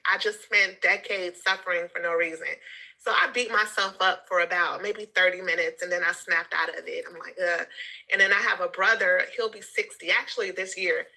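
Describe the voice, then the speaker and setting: Bright, animated woman sharing a story. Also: fairly low pitch, normal speed, rough recording. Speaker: group participant. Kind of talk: casual chat.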